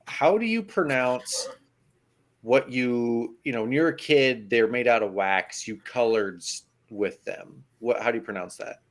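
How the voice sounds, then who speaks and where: A man's voice: mid-range voice, measured pace. A man co-hosting a casual sports podcast, joking in a slangy, incredulous way. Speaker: podcast co-host.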